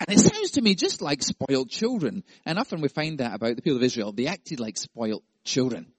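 A man's voice: mid-range voice, very animated, a little fast, breathy edge, no room sound. A male pastor preaching a sermon, playful and jokey, acting out voices.

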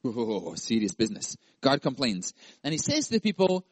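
A man's voice: medium pitch, wildly swooping pitch, moderate pace, breathy edge, no echo. A male pastor preaching a sermon, playful and jokey, acting out voices.

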